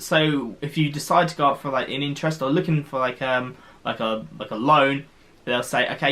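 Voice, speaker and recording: A man's voice: fairly high pitch, a bit bright. A man from the UK vlogging, explaining costs in a chatty, rambling way with restarts. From United Kingdom. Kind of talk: casual explainer to camera.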